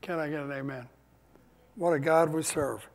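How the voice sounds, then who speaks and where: A man's voice: on the high side, fairly even intonation, normal speed, gravelly. A pastor, an older man, preaching a sermon with emphatic delivery and call-and-response with his congregation. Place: church sanctuary. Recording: long church hall reverb.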